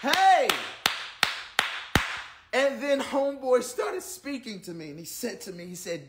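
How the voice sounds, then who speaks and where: A man sharing a personal testimony in a preaching cadence, repeating phrases and building from hushed to fervent with sudden whoops. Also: sits high, lively intonation, unhurried, pauses often. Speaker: gospel singer giving a testimony.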